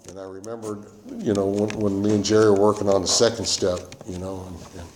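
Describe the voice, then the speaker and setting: A man with a lowish voice tells his story in a loose, rambling way, looping back on himself as he talks. He speaks in a roomy space that echoes, with a faint hiss underneath. It sounds like a speaker sharing his testimony at a meeting. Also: level tone, fairly quick. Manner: rambling and conversational, full of "you know" and "man". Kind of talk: personal testimony. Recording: roomy echo with faint noise.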